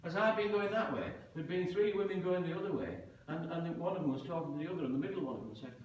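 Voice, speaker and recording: Male storyteller, dramatic telling, slightly high voice, very echoey hall, distant mic. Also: fast talker, muffled recording, slight background noise. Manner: dramatic, lively telling with acted-out quotes. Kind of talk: live oral storytelling. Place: large museum hall.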